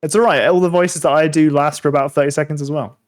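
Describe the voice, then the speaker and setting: A man's voice: on the high side, steady tone, fast talker. A man running a tabletop game as game master, laughing often and cheering the players on. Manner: laughs often, upbeat and encouraging. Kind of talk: casual tabletop game chat.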